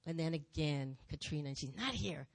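A woman speaking in church, telling her testimony as a lively story with repeated phrases. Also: deep voice, fairly quick, vocal fry, no room sound. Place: church sanctuary.

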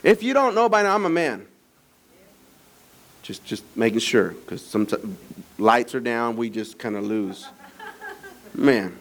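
A middle-aged male pastor preaching a sermon in a church, moving between conversational, teasing asides to the congregation and animated, rising emphasis. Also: mid-range voice, unhurried, pauses often. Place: church sanctuary.

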